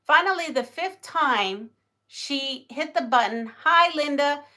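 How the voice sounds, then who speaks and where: A middle-aged woman with a slightly high voice chats casually on her livestream. She rambles from story to story and stops to read viewers' comments aloud. Her storytelling is animated. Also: slow. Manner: animated storytelling with gasps and laughs. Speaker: livestream host.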